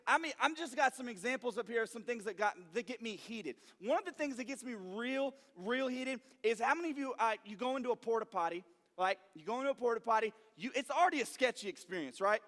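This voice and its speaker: A man's voice: very high voice, quick pace. A young man speaking as a youth pastor, telling jokey stories and acting out quoted reactions. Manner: animated, joking storytelling with quoted asides. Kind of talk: youth group talk. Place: church youth room or hall. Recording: long reverb of a hall.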